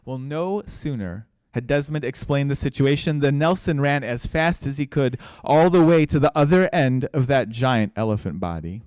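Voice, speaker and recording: A man, a guest speaker, telling a children's story in a sermon, gentle and trailing off quietly at line ends. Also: a little high, normal speed, no room sound.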